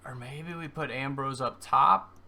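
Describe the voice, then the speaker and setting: A man commentating his own football video game match, swinging from calm play-by-play to excited yelling. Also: medium pitch, unhurried, vocal fry. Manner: excitable, screams at goals, then deflated and muttering. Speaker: gaming YouTuber. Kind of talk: live gameplay commentary.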